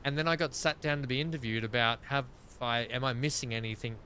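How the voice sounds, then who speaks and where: A man's voice: mid-range voice, steady tone, fast, sharp tone, a little hiss or hum. An Australian man streaming a game, rambling through casual stories and laughing often. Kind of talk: casual chat while gaming.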